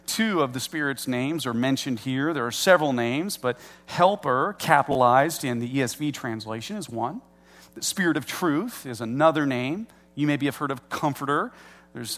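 A middle-aged pastor preaching a sermon in a conversational way, slowing down to stress key words. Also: male voice, mid-range voice, a bit bright.

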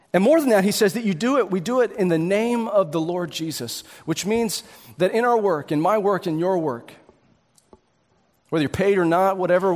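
A man's voice: high-pitched, big-room sound. A man in his thirties or forties preaching a sermon, earnest, building to emphatic peaks with repeated words. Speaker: pastor.

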